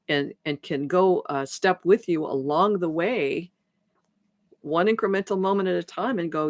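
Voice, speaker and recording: A woman's voice: lowish voice, moderate pace, no echo. Woman, transformation coach, live-stream talk, rambling, restarts, dry close sound. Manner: rambling, frequent restarts, acts out conversations.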